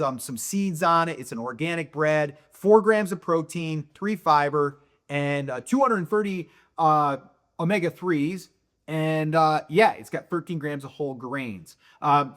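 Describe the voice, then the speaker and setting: Casual rambling man in his fifties. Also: on the high side. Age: 50s. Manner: loose and rambling, thinks aloud with fillers. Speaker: vlogger sharing his daily meals. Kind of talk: casual show-and-tell chat.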